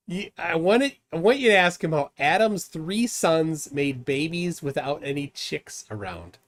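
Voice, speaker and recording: A man's voice: a little high, animated, a little slow. A man hosting a casual livestream chat, teasing his guests and laughing often. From United States. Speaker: livestream host.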